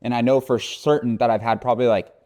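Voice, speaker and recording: A man's voice: mid-range voice, fairly even intonation, fast talker, mellow. A man vlogging casually, joking around, swearing often and rambling. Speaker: car vlogger. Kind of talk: casual vlog talk.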